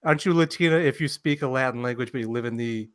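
A man's voice: medium pitch, quick pace, dry recording. A man co-hosting a podcast in loose comedic chat. He stumbles over his words as he jokes, and he breaks into laughter. His voice is close and dry, with no room sound. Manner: jokey, stammering restarts, bursts of laughter. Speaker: podcast co-host.

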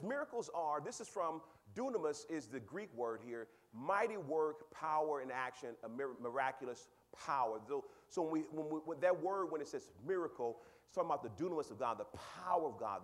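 A male pastor preaching a sermon, talking with the congregation and swinging from quiet asides to loud, high exclaims, with quick repeats of words. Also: lively intonation. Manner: conversational, asks the congregation questions.

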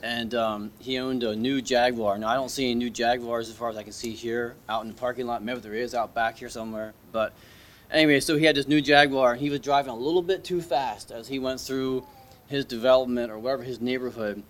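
A man delivers a sermon to a church congregation in an easy, conversational manner. He hesitates often, restarts his sentences and asks his listeners questions. His voice sits in a middle pitch. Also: fairly even intonation, brisk. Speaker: preacher. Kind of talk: informal sermon with story. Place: church service.

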